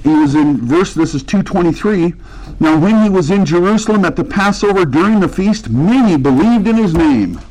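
A man's voice: high-pitched, expressive, normal speed, a little mellow, poor audio. A man preaching a sermon, talking casually and acting out the voices of people in the scripture he reads. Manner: conversational preaching, acts out quoted voices. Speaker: pastor.

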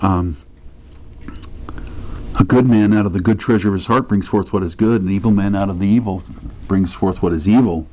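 In a low, warm voice, a pastor talks through his sermon as if in conversation, questioning the congregation and slowing down whenever he stresses a quoted verse.

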